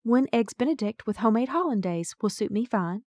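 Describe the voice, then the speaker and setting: A woman's voice: a little high, expressive, brisk, darkish tone, no room sound, studio quality. A woman voicing a sly, teasing male judge in an audiobook. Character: sly middle-aged male small-town judge.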